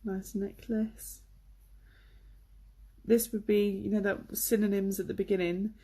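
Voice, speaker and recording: A woman's voice: mid-range voice, level tone, unhurried, dark tone, husky. A woman from England giving a chatty, enthusiastic online English lesson, with many fillers, on a computer microphone. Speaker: English teacher.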